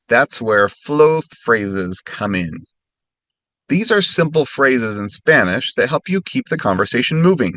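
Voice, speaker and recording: A man leads a recorded language lesson, giving clear instructions and slowing way down to model practice phrases. His voice is mid-range and slightly bright, with no room sound.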